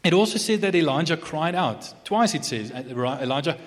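A male pastor with a fairly high voice delivers a sermon, his pitch leaping and falling in lively swings. He moves from near-whispered intensity to ringing, emphatic declarations and repeats key phrases to drive them home. His voice carries a long reverb, as if in a large church hall. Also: moderate pace. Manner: swings from hushed intensity to loud, emphatic proclamation.

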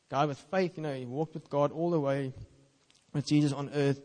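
A man's voice: on the high side, fairly even intonation, a little fast, darkish tone, long reverb tail. A man, an Afrikaans speaker, preaching a sermon in an earnest, conversational way and reading scripture aloud.

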